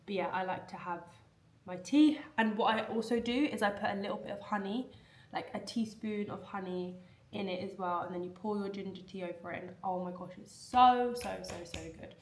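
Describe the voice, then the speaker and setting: A woman's voice: mid-range voice, normal speed. Chatty young woman vlogging at home. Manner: animated, emotional, lots of fillers like "like" and "I don't know". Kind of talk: casual chatty vlog talk. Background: washing machine running.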